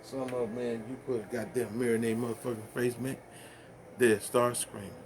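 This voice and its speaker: A man's voice: medium pitch, little pitch movement, brisk, noisy background. Rambling, cussing man ranting casually. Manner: rambling and profane, stumbling over fillers, laughing at his own jokes. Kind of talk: casual rant to camera.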